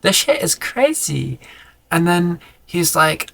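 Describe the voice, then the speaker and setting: Sarcastic gravelly-voiced man recapping a book. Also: a little high, very animated, slow pace, pushed and bright, dry recording. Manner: sarcastic, profane. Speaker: book vlogger. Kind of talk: casual vlog recap.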